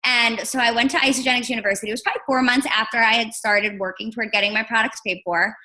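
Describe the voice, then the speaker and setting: A young woman from New Jersey, a guest on a training call, telling her story in an animated, chatty way. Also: a little high, quick pace, low-quality recording. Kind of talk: casual storytelling.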